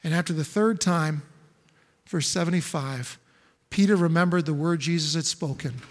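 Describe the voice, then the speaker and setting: A man's voice: fairly high pitch, normal speed. A male pastor preaching a sermon in an emphatic, repetitive way, full of rhetorical questions. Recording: echoey hall with long reverb.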